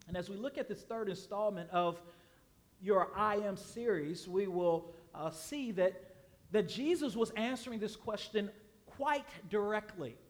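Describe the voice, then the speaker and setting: A man from Chicago preaching a sermon, conversational and emphatic, with fillers and repeated words. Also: sits high. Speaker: guest preacher.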